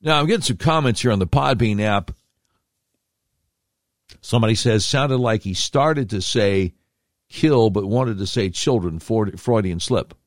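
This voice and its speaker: Low-voiced sarcastic podcast host, man. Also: a little slow, no room sound, clean studio sound. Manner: sarcastic, rambling, slangy. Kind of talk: opinionated podcast commentary.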